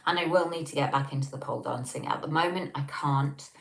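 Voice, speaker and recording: Low-voiced English woman chatting on a livestream. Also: fast, vocal fry, a bit bright. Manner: chatty, rambling with many ums. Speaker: livestream host. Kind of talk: casual livestream chat. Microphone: tablet on a table.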